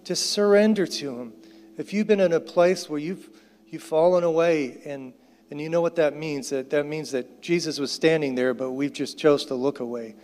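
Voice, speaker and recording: A man preaching and making an altar call. He talks earnestly, repeats his phrases, and drops into hushed prayer. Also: fairly high pitch, normal speed. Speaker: pastor. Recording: long hall reverb.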